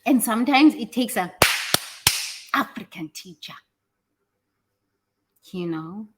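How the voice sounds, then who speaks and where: A woman's voice: medium pitch, lively intonation, slow pace, very noisy. A woman teaching in a casual, motivational way, talking bluntly and animatedly, swearing freely and acting out what other people say.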